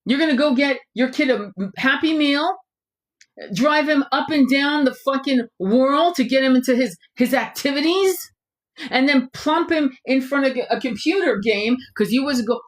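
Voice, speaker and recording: A woman's voice: high voice, moderate pace. A middle-aged woman hosting her own channel, delivering a blunt, profanity-laced rant straight to camera. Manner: blunt, swearing, ranting. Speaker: tarot channel host. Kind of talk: impassioned monologue to camera.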